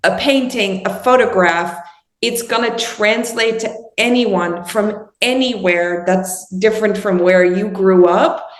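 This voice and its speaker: A woman's voice: mid-range voice, echoey room. A woman from the Netherlands, speaking English with a Dutch accent as a filmmaker guest in a casual interview, thoughtful and often searching for words.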